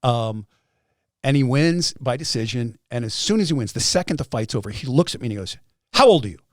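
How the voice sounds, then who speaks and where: Animated storytelling man in his fifties. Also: mid-range voice, brisk, no room sound, studio quality. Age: 50s. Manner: acts out quoted voices, swears freely. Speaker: podcast guest.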